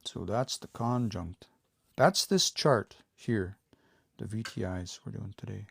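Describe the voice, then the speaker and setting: Low, gravelly man teaching casually. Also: no room sound. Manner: explains step by step, repeats words slowly for practice; relaxed, informal, says y'all and eh. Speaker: language teacher. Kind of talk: casual live-streamed lesson.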